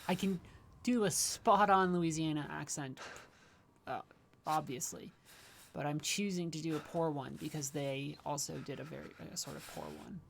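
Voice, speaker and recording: A woman's voice: deep voice, moderate pace, gravelly, slight background noise. A woman livestreaming a game, giving chatty, wry commentary with rambling asides. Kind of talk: casual gameplay commentary.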